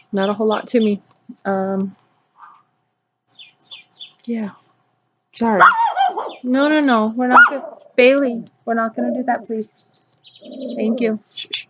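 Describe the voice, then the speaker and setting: A woman's voice: medium pitch, dull audio, a little hiss or hum. A woman hosting a casual cross-stitch vlog outdoors in her backyard, chatting loosely and wandering off topic. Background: birds singing.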